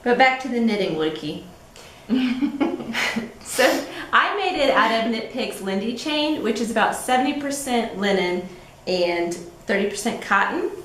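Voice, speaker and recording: A woman's voice: on the high side, very animated, unhurried, fairly bright tone, roomy sound, a little hiss or hum, rough recording. A woman co-hosting a podcast, chatting casually about her knitting with frequent ums and light laughs. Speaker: podcast co-host.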